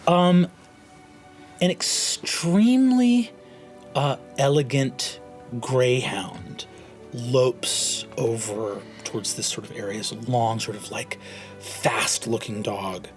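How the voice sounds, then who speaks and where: A man narrating a tabletop game as game master, in a relaxed, halting way with many fillers. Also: medium pitch, soft background music.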